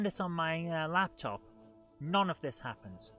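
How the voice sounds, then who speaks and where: A man's voice: a little high, sing-song, a little slow, fairly bright tone, faint music behind. A man hosting a live gameplay stream, talking in an exasperated, grumbling way as things go wrong.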